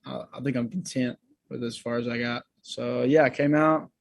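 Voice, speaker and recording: Young man, casual interview guest, loose and slangy, mid-pitched voice. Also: fairly even intonation, moderate pace, vocal fry, no echo, low-quality recording. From Georgia, USA. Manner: laid-back, slangy, talks to the host as "bro" and "dude". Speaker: guest, singer.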